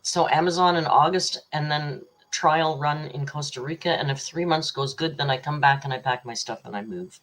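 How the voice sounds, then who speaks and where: Reading out super chats on a casual livestream, a woman rambles in a chatty way, frequently teasing and laughing. Her voice is deep and a touch bright, moving at a normal pace with few pauses.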